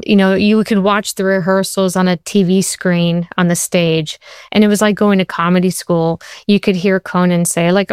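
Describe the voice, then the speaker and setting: Smooth-voiced woman telling animated stories. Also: medium pitch, no room sound, clean studio sound. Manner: animated, acts out quotes, fast bursts. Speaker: TV writer and show creator. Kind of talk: interview storytelling.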